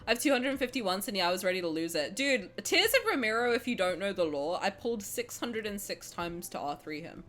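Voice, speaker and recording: Excitable, dramatic young woman streamer. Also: fairly high pitch. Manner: excitable, dramatic outbursts, swearing, laughing. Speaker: game streamer. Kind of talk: live stream chat with viewers.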